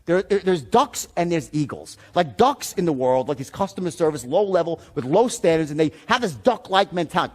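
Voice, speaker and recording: A man giving a seminar talk as a sales trainer, telling stories in an animated, profane way. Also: on the high side, a little fast, few pauses.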